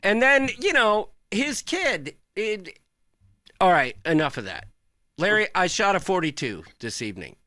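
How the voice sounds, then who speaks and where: High, bright-voiced man ranting animatedly. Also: a little slow, no room sound. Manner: animated, ranting, mock-outraged. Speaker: co-host. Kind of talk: casual live chat.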